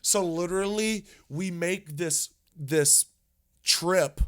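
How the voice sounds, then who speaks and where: A man co-hosting a podcast, telling a story in a casual, animated way, with frequent restarts and repeated words. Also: high voice, takes it slowly, clean tone. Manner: animated, rambling with many restarts. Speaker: podcast co-host.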